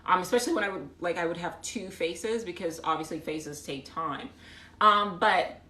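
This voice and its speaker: A woman's voice: fairly low pitch, normal speed, bright, forceful tone. A woman painter chatting on a live phone stream, rambling casually with lots of ums and reading viewer comments aloud. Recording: echoey room.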